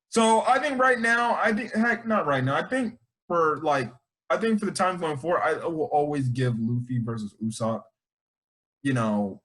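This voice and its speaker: In a casual chat reviewing anime, a man with a high voice stays excitable throughout. He rambles, starts over and throws in slang, with wide swings in his pitch.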